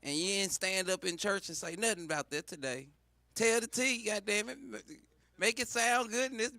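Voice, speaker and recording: A man's voice: high-pitched, expressive, normal speed, sharp tone, dry recording. A man doing a profane stand-up riff as a comedian, with preachy mock-sermon call-outs.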